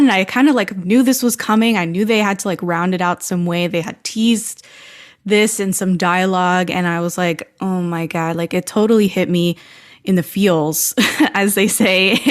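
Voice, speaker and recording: A woman hosting a casual podcast at an everyday middle pitch. She chats freely and loosely, filling her talk with "like" and acting out her own thoughts as quoted lines. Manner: chatty, full of "like" fillers and quoted inner thoughts. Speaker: podcast host.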